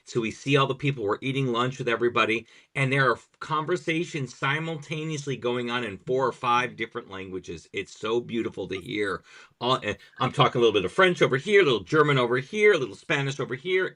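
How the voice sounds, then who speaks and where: A man hosting a podcast, chatting casually and telling stories with lively enthusiasm. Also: medium pitch, brisk. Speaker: podcast host.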